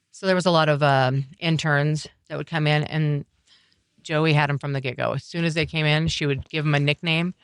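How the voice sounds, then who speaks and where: A middle-aged woman talking earnestly as a podcast guest, telling a personal story in halting, reflective sentences. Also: low-pitched, steady tone, smooth, dry recording, clean studio sound. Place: coffeehouse.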